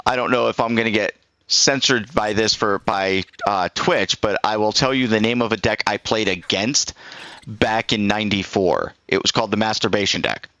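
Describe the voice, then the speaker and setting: Middle-aged guy streaming, bright forceful voice, dry close sound, rambles through an old story doing both sides of the chat. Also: on the low side, normal speed, dry recording, rough recording. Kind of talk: casual anecdote on a live stream.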